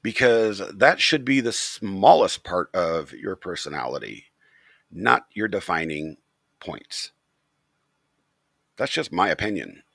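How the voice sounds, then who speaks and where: A man's voice: deep voice, sing-song, slow, creaky, long pauses, fairly bright tone, slightly rough, no echo, clean studio sound. A man hosting his channel, talking straight to the camera in a blunt, profane, opinionated rant. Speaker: channel host.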